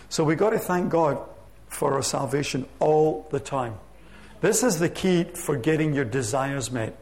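A man preaching a sermon to his church, reading scripture aloud with slow, emphatic stress. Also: a little high, darkish tone. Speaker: pastor. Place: church sanctuary.

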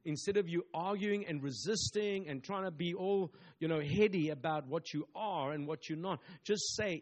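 Male pastor, fairly high voice, emphatic repetitive preaching style. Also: normal speed, few pauses. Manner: emphatic, repetitive preaching with call-and-response asides. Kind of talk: sermon.

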